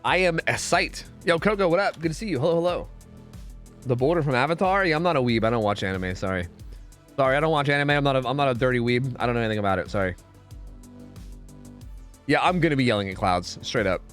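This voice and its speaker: A man's voice: medium pitch, animated, fast, long pauses, a bit bright, faint music behind. A man streaming a game, chatting casually with viewers, rambling and swearing, saying dude a lot. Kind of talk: casual chat with chat while gaming.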